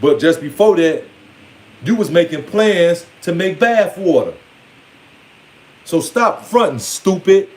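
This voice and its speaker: A man's voice: a little high, animated, slow pace, pauses often, darkish tone. A man giving a casual, blunt, playfully scolding monologue on spirituality. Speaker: spiritual speaker.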